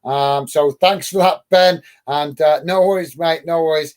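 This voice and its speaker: A man with a high voice hosts a live football watch-along from the UK. He talks through the play and chats with viewers, calling them mate. His speech is full of uh and um. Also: fairly even intonation, a little slow, darkish tone, clear, resonant tone. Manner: friendly, many "uh" fillers, calls viewers "mate". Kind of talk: live match commentary and chat reading.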